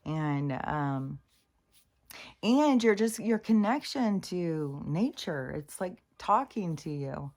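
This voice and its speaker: A woman in a casual vlog, rambling and exasperated, swearing freely and growing loud when indignant. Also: big pitch swings, slow. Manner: grows loud and high-pitched when indignant. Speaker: vlogger. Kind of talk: casual spiritual vlog rant.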